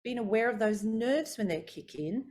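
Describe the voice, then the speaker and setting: A middle-aged woman vocal coach teaching a workshop, talking through voice warm-ups with expressive, demonstrative delivery. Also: normal speed. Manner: expressive, demonstrates pitch and articulation.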